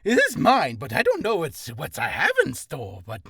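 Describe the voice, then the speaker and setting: A man's voice: a little high, huge pitch swings, moderate pace, creaky, a bit bright, husky, no room sound, studio quality, heavily acted. A man voicing a clueless, flustered male shop merchant who dithers about his own stock. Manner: dithering, bewildered.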